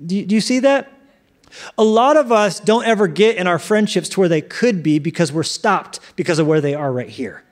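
A man preaching a sermon in an animated, joking way, acting out quoted inner voices. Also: high voice, normal speed. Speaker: pastor.

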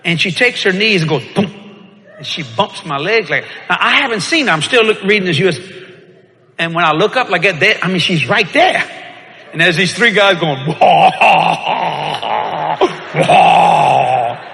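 A man, preaching and telling a story with lively shouts and laughter. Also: high-pitched, moderate pace. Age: older. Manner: animated, shouting punchlines, laughing. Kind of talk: sermon storytelling. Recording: echoey hall with crowd.

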